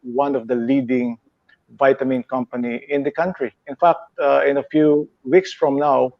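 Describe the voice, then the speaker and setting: A man's voice: mid-range voice, fairly even intonation, normal speed, no echo, lo-fi sound. A man with a Filipino accent, a company head being interviewed, explaining his business earnestly and mixing English with Tagalog. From Philippines. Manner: earnest, explains at length with fillers and laughs easily. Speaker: company president and CEO, interview guest.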